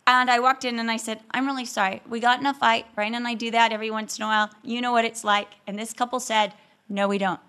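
A woman with a fairly high, bright voice tells a story about marriage in an animated, humorous way. She acts out every quoted line as she goes. She sounds like a speaker addressing a room of women. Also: fast, hardly any pauses, a little hiss or hum.

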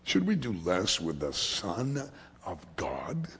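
A man preaching a sermon as pastor, swinging from hushed whispers to loud, emphatic lines. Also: on the low side, very animated, measured pace, slightly rough. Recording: long hall reverb.

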